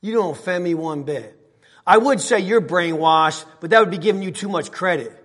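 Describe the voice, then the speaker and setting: Middle-aged male preacher, high bright voice, fervent, repeats lines, booming hall reverb in a church. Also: normal speed. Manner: fervent, repeats phrases, swings from soft asides to shouting. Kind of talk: sermon. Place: church sanctuary.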